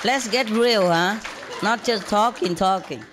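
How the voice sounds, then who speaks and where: A woman's voice: medium pitch, measured pace, a crowd in the background, noisy background. A woman spiritual teacher giving casual advice, often laughing and teasing, in broken English.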